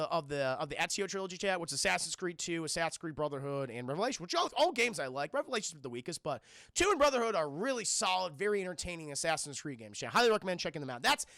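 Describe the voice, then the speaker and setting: A young man with a New York accent livestreams, answering viewer questions in a rambling, profane way and constantly addressing his chat. His high-pitched voice is bright and forceful with vocal fry, captured in a dry, studio-quality recording.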